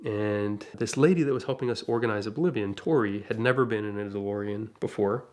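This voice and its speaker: A man from Canada casually telling a story, animated and acting out the voices of the people in it. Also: lowish voice, fairly quick. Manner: animated, acts out quoted voices. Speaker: guest storyteller.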